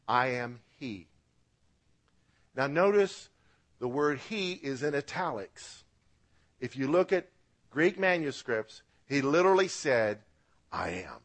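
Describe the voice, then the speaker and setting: A man preaching a radio sermon as pastor, with emphatic rises and drops, asking the congregation to repeat words after him. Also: mid-range voice.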